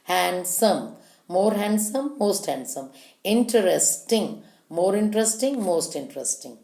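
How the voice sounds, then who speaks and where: A woman's voice: mid-range voice, expressive, gravelly, mellow. Echoey woman teaching grammar. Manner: slow, deliberate, spells out letters and lists word forms. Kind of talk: grammar lesson. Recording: echoey room.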